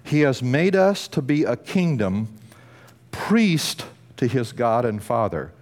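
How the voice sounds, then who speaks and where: A man preaching a sermon from a church, emphatic, building to bursts of intensity and then dropping low and slow. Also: sing-song. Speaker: pastor.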